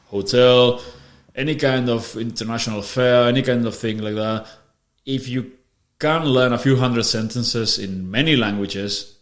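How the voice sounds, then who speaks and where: A man's voice: mid-range voice, a little slow, hardly any pauses. A man hosting a podcast, explaining ideas in casual conversation, often restarting and repeating words. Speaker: podcast host. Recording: roomy echo.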